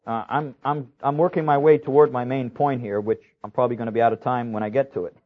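A male pastor preaching a sermon, emphatic, building his phrases up to loud, rising peaks. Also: medium pitch, steady tone, fast, phone-quality sound.

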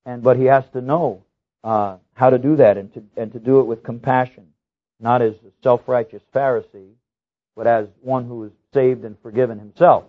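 Earnest male preacher on a tinny recording. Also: moderate pace. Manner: earnest, repeats key phrases for emphasis; storytelling with lively rises in pitch. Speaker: pastor. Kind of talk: sermon. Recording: tinny, phone-like sound.

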